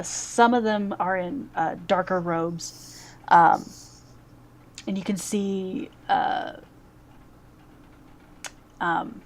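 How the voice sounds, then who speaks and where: Woman game master, slow, lowish voice, halting narration, faint background hum. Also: a little mellow. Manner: halting, many fillers and restarts while describing scenes.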